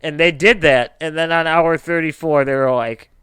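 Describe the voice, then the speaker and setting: A man's voice: on the high side, moderate pace, a bit bright, smooth, no echo. A man co-hosting a casual podcast, joking and rambling with playful comparisons. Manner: jokey, rambling, playful analogies. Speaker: podcast co-host.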